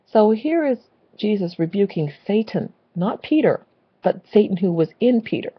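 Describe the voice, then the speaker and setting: A woman's voice: mid-range voice, lively intonation, normal speed, breathy edge, dry recording, dull audio. A woman delivering an impassioned, preachy religious rant, repeating phrases for emphasis. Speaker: Christian video blogger.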